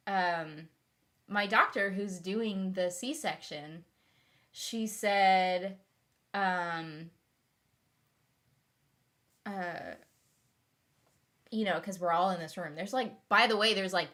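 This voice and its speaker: A woman's voice: medium pitch, fairly bright tone. A young woman telling a long personal story in a casual vlog, rambling with fillers and restarts. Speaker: vlogger.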